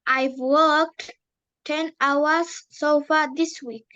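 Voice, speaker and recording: A woman student in an English lesson, carefully and haltingly repeating practice sentences. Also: high voice, steady tone, bright, forceful tone, highs cut off. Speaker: language student.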